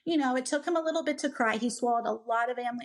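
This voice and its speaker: A young woman co-hosting a podcast, telling a personal story in a casual, animated way and acting out what people said. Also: sits high, quick pace. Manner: animated, acts out quoted people, many "like" fillers. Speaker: podcast co-host.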